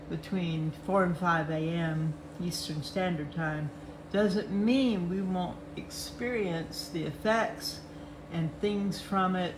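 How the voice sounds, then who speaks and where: In a lowish voice over a noisy background, an older woman presents a chart update show, keeping things casual and cheerful as she reviews the charts. She's chatty throughout and speaks sweetly to her cats.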